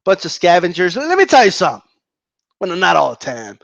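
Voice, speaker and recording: Fairly quick and gravelly, a man's voice, free of room sound, delivers an argumentative boxing rant. He keeps circling back to the same points and mocks his opponents in high-pitched impressions, animated throughout.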